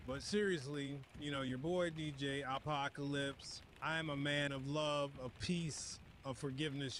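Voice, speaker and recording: A man's voice: medium pitch, a bit bright, slight background noise, close to an everyday voice. A man doing a brash, crude radio DJ. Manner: boisterous, slangy, profane patter. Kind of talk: comedic radio DJ monologue.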